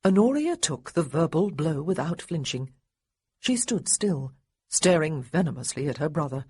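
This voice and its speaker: A woman narrating an audiobook in an expressive, wry storytelling manner, with a husky voice. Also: deep voice, moderate pace, dry recording. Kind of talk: scripted narration.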